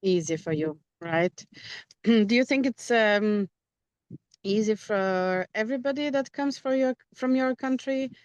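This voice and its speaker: Smooth-voiced woman interviewer, dry sound. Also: a little high, unhurried, no room sound. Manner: encouraging, asks follow-up questions. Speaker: interviewer, English teacher. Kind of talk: casual interview.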